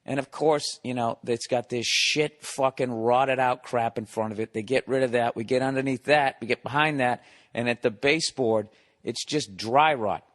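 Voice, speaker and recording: A comedian hosting a podcast, telling a long profane story in a casual monologue, exasperated and sarcastic. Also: male voice, mid-range voice, fairly even intonation, moderate pace, fairly bright tone.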